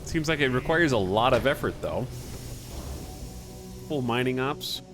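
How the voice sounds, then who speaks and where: A man's voice: mid-range voice, animated, measured pace, over music. A man streaming a video game, commenting casually with sarcastic asides. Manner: sarcastic, mocking.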